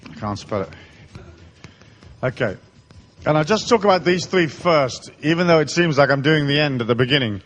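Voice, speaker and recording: Animated, profane man lecturing a seminar. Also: fairly high pitch, normal speed, long pauses, soft background music. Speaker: seminar speaker. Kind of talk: live seminar talk. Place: large hall.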